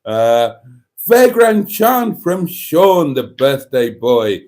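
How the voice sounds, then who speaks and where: Lively man hosting a livestream. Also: mid-range voice, extremely slow. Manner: reads viewer comments aloud, chatty and jokey. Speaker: livestream host. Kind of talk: casual livestream chat.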